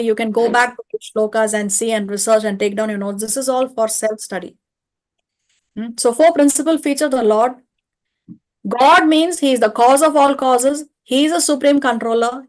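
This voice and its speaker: Casting: woman, slightly high voice, calm methodical class teacher. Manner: patient, explains step by step with rhetorical checks. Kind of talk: online study-class lecture. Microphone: video call or home mic.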